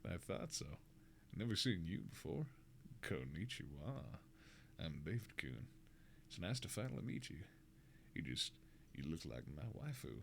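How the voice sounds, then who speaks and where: Brief: man putting on a bashful young country boy, Southern drawl, low mumbly voice, bright tone. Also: big pitch swings, moderate pace, gravelly, long pauses, a little hiss or hum, exaggerated voice. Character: awkward young male anime-fan country boy.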